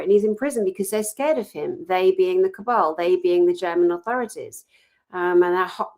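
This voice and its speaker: A woman co-hosting a casual chat, speaking in a passionate, outspoken, animated storytelling manner. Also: mid-range voice. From Britain. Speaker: co-host.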